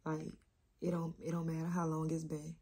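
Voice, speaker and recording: New mom vlogging, low husky voice, rambling and candid. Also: female voice, monotone, mellow. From New Orleans. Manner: candid, rambling, slow with many pauses. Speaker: vlogger, mother. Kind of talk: emotional casual vlog talk.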